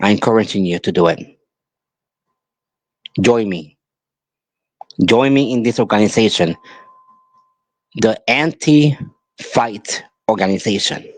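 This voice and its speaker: Slow, impassioned male podcast host. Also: lowish voice, animated, dry recording. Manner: emphatic, repetitive, pleading. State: angry. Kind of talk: impassioned monologue.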